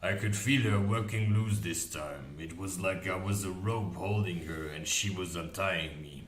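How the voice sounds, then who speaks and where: A man voicing a frightened male servant who speaks hoarsely and urgently in a storybook reading. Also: sits low, measured pace, slight background noise. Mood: uneasy. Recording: echoey room recording.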